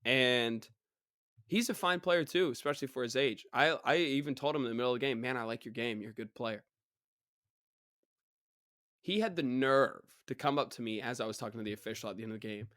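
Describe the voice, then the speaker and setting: A young man talks through a casual solo podcast at a middle pitch, his voice a little worn and short of range from a recent illness. He rambles, gets worked up, and mocks people in quick put-on voices. The sound is close and dry, with no room behind it. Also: no room sound. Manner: rambling and animated, mocking others in put-on voices. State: recovering, voice partly gone. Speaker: podcast host.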